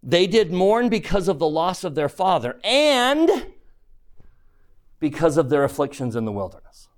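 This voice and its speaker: A man's voice: a little high, big pitch swings, unhurried. A man teaching a scripture class, reading verses aloud and quizzing his listeners.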